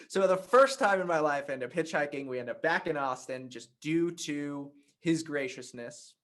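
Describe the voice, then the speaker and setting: A man teaching a writing workshop, telling a personal anecdote in a conversational, animated way. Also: a little high, normal speed, hardly any pauses. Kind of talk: workshop talk with storytelling.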